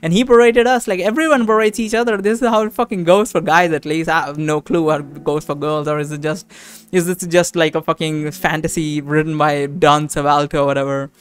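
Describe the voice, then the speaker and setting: A man's voice: fairly high pitch, a little fast, clear, resonant tone. A man in his twenties giving casual, rambling commentary while playing a visual novel, swearing a lot. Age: 20s. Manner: animated, swearing, rambling with many fillers. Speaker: let's play host.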